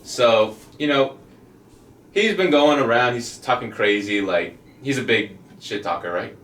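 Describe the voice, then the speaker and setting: A man's voice: mid-range voice, measured pace, fairly bright tone, echoey room, recorded from a distance. A man co-hosting a casual chat podcast, rambling with lots of fillers and laughing often. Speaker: podcast co-host.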